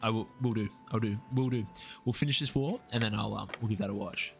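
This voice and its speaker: Fast-talking and creaky with a fairly low pitch, a young Australian man keeps up casual, cheerful chatter with viewers as he streams a strategy game. Faint music sits in the background.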